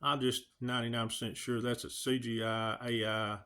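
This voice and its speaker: Bright-voiced man ranting. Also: mid-range voice, flat delivery, moderate pace, clear, resonant tone. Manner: earnest, pleading, repeats himself, rhetorical questions. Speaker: video channel host. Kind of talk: emotional direct-to-camera rant.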